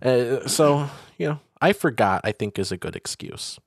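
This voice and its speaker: A young man chatting in a loose, joking way, breaking into laughter as he talks. His voice sits at an ordinary pitch and sounds close and dry, with no room around it. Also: lively intonation, normal speed, vocal fry, no echo. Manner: laughs often, quotes film lines in silly voices. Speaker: podcast co-host. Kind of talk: casual chat.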